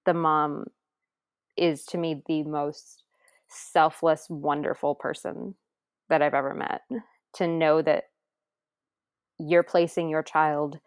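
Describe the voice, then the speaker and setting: A woman's voice: low voice, level tone, slow, pauses often, clear, resonant tone, no room sound, studio quality. A woman guest telling a personal story in an earnest, tender way, sometimes dropping to a near whisper. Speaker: adoptive mother guest.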